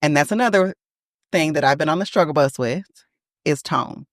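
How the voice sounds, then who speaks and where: A woman co-hosting a podcast in casual chat, emphatic and quick to laugh. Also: deep voice, dry recording, clean studio sound. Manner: chatty, laughs often, emphatic. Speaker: podcast co-host.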